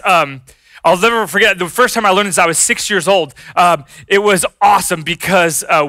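A man preaching with a high, bright voice that cuts through clearly. He tells his stories in an animated way and acts out the voices of the people in them. The sound is dry and close, with almost no room echo. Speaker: pastor. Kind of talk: sermon.

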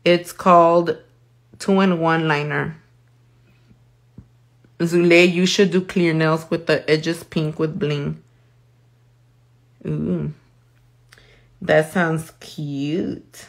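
Speaking in a deep, gravelly voice with little pitch movement, this woman talks very slowly and leaves long pauses. She's a nail artist on a live tutorial, casual with viewers, freely profane, and moving between Spanish and English.

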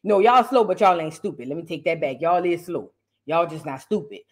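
A woman's voice: fairly low pitch, brisk. A woman hosting a casual reaction show, talking in a brash, mocking and profane way. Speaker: host.

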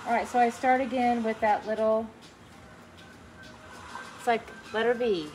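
A middle-aged woman with a fairly high voice, leading a live painting lesson. She talks gently and chattily through each brushstroke and greets viewers by name. A faint hum of room noise sits behind her. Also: fairly even intonation, unhurried, poor audio. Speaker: painting instructor. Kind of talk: live online painting class.

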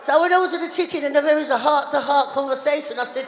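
High-voiced woman doing live stand-up. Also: fast, slight background noise. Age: middle-aged. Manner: loud, animated storytelling with voiced characters. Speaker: stand-up comedian. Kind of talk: stand-up comedy routine. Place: town hall stage. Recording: live in a reverberant hall.

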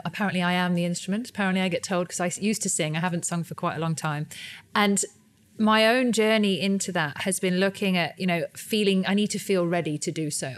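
A woman hosting a podcast interview in a studio, chatty, upbeat and a little self-deprecating. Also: lowish voice. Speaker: podcast host. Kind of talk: casual interview. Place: new studio. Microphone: studio microphone.

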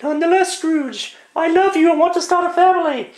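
A man voicing a lovesick young sweetheart in a pleading, sugary falsetto. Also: fairly quick. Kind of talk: one-man comedic radio play. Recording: roomy echo, distant mic.

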